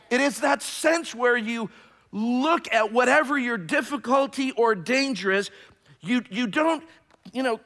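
A man preaching a sermon, building from calm teaching to emphatic, drawn-out declarations. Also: very high-pitched. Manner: preaching with rising emphasis, slows words for stress. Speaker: pastor. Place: church sanctuary. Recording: long hall reverb.

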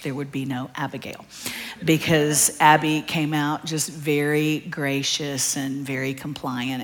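Low-voiced woman preaching. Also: husky. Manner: animated storyteller, acts out children's cries. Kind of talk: sermon storytelling.

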